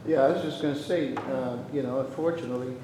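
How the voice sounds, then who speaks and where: A man's voice: medium pitch, steady tone, fast talker, background noise. Man chiming in from an echoey room. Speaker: Bible study participant. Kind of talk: group discussion. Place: church room. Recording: echoey church room with group.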